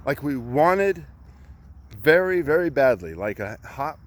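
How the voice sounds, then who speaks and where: A man's voice: medium pitch, sing-song, a little slow. A middle-aged man, a coach, telling a heated story in blunt, profane talk while out on a walk. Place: outdoors by a road.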